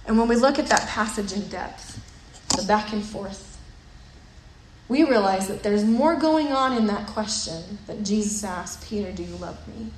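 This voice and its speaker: A woman's voice: medium pitch, lively intonation, unhurried. A woman preaching a sermon in a conversational way, often repeating words as she thinks aloud. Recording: roomy echo with faint noise.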